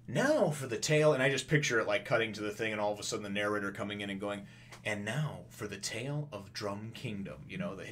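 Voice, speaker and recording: A man's voice: lowish voice, pushed and bright. A man casually recapping a comic chapter, rambling with many fillers and restarts and acting out characters' lines. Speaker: comic reviewer.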